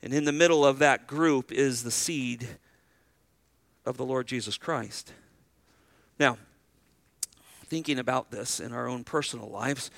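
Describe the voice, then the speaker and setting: A man's voice: a little high, animated, moderate pace, long pauses, bright, forceful tone, no echo. A middle-aged man preaching a sermon as pastor, conversational, asking the congregation rhetorical questions and acting out short exchanges.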